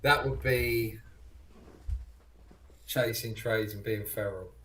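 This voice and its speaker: A man's voice: lowish voice, steady tone, slow, fairly bright tone, slight background noise. A man co-hosting a casual live stream, teasing and dry.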